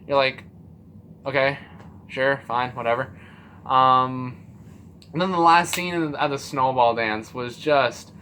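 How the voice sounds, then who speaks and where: A man giving a casual spoiler review of a TV series, animated and profane, acting out his own reactions with lots of fillers. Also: mid-range voice, a little hiss or hum. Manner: loose and profane, many fillers.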